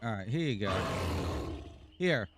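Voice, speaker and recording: A man's voice: on the low side, lively intonation, a little slow, noisy background. Playful teasing male game streamer. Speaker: live-stream gamer host. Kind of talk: casual live-stream chat to viewers.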